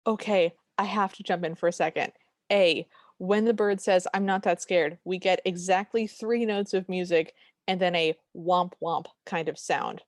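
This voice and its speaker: A woman's voice: fairly low pitch, steady tone, normal speed, no echo, studio quality. A woman co-hosting a podcast, giving wry, sardonic asides in casual film recap chat. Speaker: podcast co-host.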